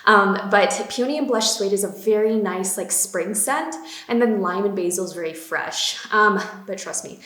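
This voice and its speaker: A woman's voice: mid-range voice, moderate pace, hardly any pauses, fairly bright tone. A young woman gushing about beauty products in a casual vlog, with lots of fillers. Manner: bubbly, gushing, many fillers. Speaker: beauty vlogger. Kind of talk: casual chatty product talk. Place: home room. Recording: echoey room.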